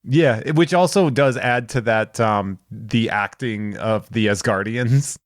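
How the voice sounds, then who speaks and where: A man co-hosting a podcast, chatting about a holiday special in a relaxed, laughing way. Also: lowish voice, unhurried, dry recording, clean studio sound. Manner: relaxed, laughing, acts out quotes. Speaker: podcast co-host. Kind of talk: casual movie discussion.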